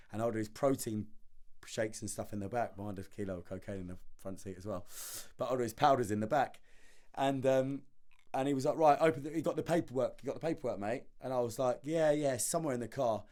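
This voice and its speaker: Man, podcast guest, rapid animated storytelling, middle pitch, repeats words. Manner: animated, repeats words, slangy, acts out dialogue. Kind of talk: storytelling in casual conversation.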